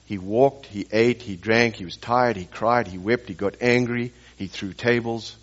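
A man's voice: fairly low pitch, steady tone, a little slow, muffled recording. A man preaching a sermon as pastor, telling stories and pressing the congregation with rhetorical questions and emphatic repetition.

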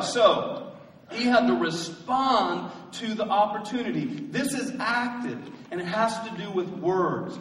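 A man's voice: high voice, expressive, measured pace, reverberant, big-room sound, distant mic, background noise. A man preaching a sermon as pastor, building to emphatic calls to the congregation. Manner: rising to emphatic call-and-response preaching. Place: church sanctuary.

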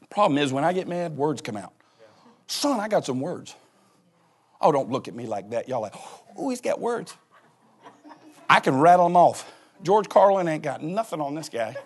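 Pastor guy preaching, high voice that swoops all over, folksy and jokey. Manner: folksy, joking, animated preaching. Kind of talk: sermon. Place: church.

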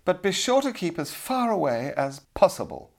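Linnet, a man doing a scornful high-voiced damsel. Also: very animated, normal speed. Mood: disdainful. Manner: sharp, indignant, high-pitched. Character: scornful haughty young noblewoman. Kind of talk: audiobook character voice.

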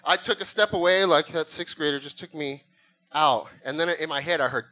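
A man's voice: on the high side, a little fast, bright, forceful tone, poor audio. A middle-aged man preaching a sermon, telling a funny story and acting out voices and sound effects. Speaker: pastor.

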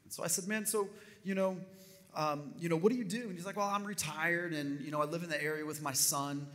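A man's voice: fairly high pitch, brisk. A man preaching a sermon, telling a personal story and then building up with rising fervor. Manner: animated, building to near-shouts. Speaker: pastor. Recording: reverberant hall.

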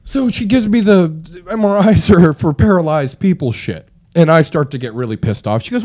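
A man's voice: fairly high pitch, lively intonation, moderate pace, hardly any pauses, mellow. A man telling a long story in casual chat, swearing often and acting out what people said to him, growing exasperated. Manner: profane, exasperated, acts out quotes.

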